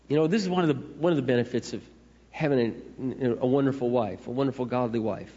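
A man's voice: medium pitch, quick pace, mellow. A middle-aged man preaching a sermon in a conversational, storytelling way. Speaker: pastor. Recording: echoey hall, dull lo-fi sound.

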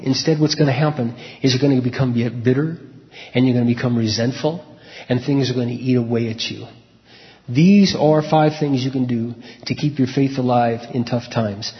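A man preaches to his congregation in an earnest, repeating cadence. His mid-pitched voice carries a long reverb off the church hall walls, and the recording sounds dull and lo-fi. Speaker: pastor. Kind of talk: sermon.

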